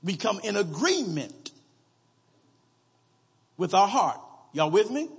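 High, husky-voiced preacher in a hall. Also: male voice, big pitch swings. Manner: reads scripture slowly, calls out to the congregation. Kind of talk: sermon.

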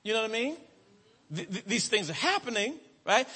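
A male preacher delivers his sermon with a bright, animated voice that climbs high and swoops as he stretches out words for emphasis and checks in with the congregation. His tone carries a breathy edge, and a long reverb from a large hall trails behind every line. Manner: rhythmic preaching cadence, drawn-out emphatic words, calls to the congregation.

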